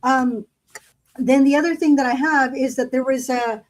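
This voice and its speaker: High-voiced chatty woman. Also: fairly even intonation, normal speed, rough recording. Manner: chatty storyteller, lots of fillers. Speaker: podcast co-host. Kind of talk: casual chat.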